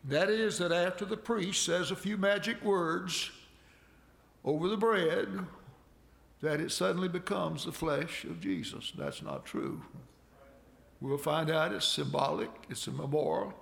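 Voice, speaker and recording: Gravelly-voiced man preaching a folksy sermon. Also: on the high side, measured pace, fairly bright tone. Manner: folksy, conversational, emphatic on key words. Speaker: pastor. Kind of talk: sermon with scripture reading.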